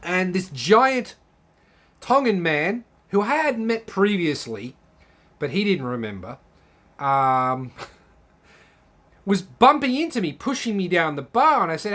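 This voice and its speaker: Australian male streamer, slow, rambling live Q&A delivery, casual swearing. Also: sits high, very animated, a bit bright.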